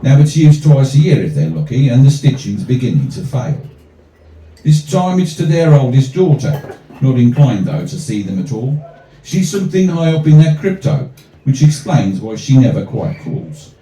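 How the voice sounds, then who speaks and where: A man reads his comic rhyming poetry to a small cafe crowd, moving from verse to dry, deadpan asides. His voice is dark and mellow but swings lively in pitch. The recording sounds roomy and distant, picked up from well back across the venue. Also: normal speed. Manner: wry, deadpan asides between rhyming poems. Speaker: performance poet. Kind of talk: live comic poetry reading.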